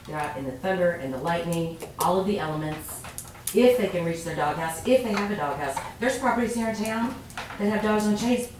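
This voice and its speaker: At a city council meeting, a woman gives an earnest, heartfelt public comment in a brisk, expressive, lowish voice. The council chamber echoes, she is far from the mic, and there is faint noise.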